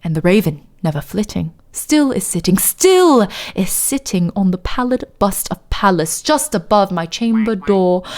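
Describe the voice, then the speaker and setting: A woman's voice: fairly low pitch, a little mellow. A woman streamer doing a dramatic poetry reading in a put-on posh British accent, theatrical and drawn out, echoing repeated words.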